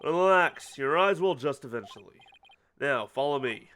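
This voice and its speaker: A performer voicing a hearty older male adventurer in a fan voice-over of a story game, loud and boisterous. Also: lively intonation, moderate pace, lightly acted. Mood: confident. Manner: boisterous, booming.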